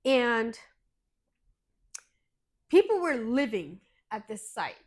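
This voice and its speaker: High-voiced animated woman podcast host. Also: takes it slowly. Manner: animated, dramatic retelling with swearing. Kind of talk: casual storytelling chat.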